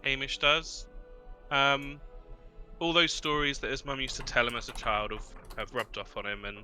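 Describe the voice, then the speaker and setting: A man's voice: mid-range voice, steady tone, moderate pace, sharp tone, faint music behind. A man, a tabletop game player, describing his character in a casual, rambling way with frequent ums and restarts.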